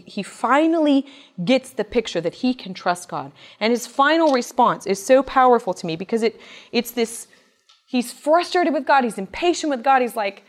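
A woman giving an earnest, expressive Bible teaching that reads scripture aloud in a measured tone. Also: fairly high pitch. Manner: earnest and expressive, voice rising with emphasis. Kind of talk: sermon-style Bible teaching.

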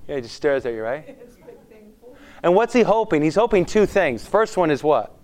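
A man gives a conversational sermon, preaching to a congregation and firing questions at them with animated energy. His voice sits a little high for a man and is smooth and clear. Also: moderate pace. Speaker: pastor.

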